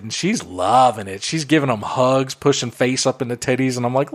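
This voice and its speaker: A man's voice: medium pitch, moderate pace, few pauses. Profane, rambling male podcast host. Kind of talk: casual chat.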